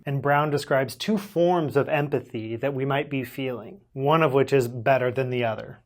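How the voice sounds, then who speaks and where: A man narrates an explanatory book summary in a mid-pitched voice. He talks in a measured, thoughtful way and slows down to lean on key phrases. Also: darkish tone. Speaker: channel host explaining books.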